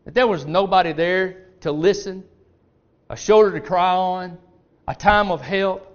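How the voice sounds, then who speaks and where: A man's voice: high-pitched, measured pace. Emphatic male preacher, muffled recording. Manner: emphatic, calling to the congregation. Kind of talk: sermon. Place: church. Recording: dull lo-fi recording.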